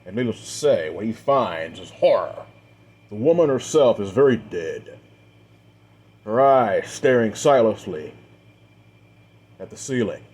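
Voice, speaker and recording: Guy running a tabletop game, kinda low voice, slow dramatic storytelling w/ a few uhs. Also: big pitch swings, a little mellow, husky. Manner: measured, dramatic storytelling with occasional fillers. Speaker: game master. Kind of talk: narrating a tabletop role-play story.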